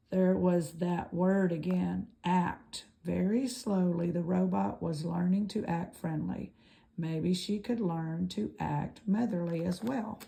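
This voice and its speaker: A woman reading a children's novel aloud, unhurried, with occasional slips and self-corrections. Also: fairly low pitch, fairly even intonation, creaky, warm tone, rough recording. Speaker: reader.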